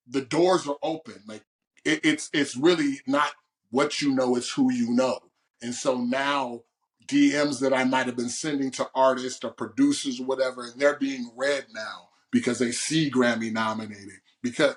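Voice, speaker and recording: A man from Oakland, a guest poet, telling his story in an interview with animated, boisterous energy. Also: medium pitch. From Oakland, California. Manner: animated, storytelling, boisterous and loud when excited. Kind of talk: interview conversation.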